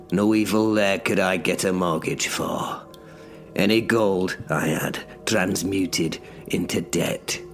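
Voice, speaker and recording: A man narrating in first person as a bitter cursed sorcerer stuck in menial work, sardonic and sweary in an audio drama. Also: sits low.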